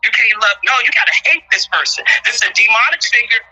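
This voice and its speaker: A man's voice: very high voice, expressive, fast, bright, forceful tone, slightly rough, low-quality recording. A man talking casually in an online audio room, rambling and breaking into long laughing fits. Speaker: guest speaker. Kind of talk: casual chat.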